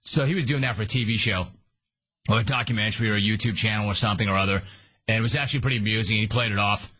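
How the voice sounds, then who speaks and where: A man's voice: lowish voice, racing, bright, forceful tone. A man hosting a sports talk radio show, sarcastic and emphatic in a punchy monologue.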